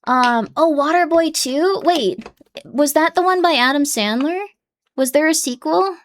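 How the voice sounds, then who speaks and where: Streamer, young woman, slightly high-pitched, loose and rambling live chat. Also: measured pace. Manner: chatty, rambling, coos at her cat in a high baby voice.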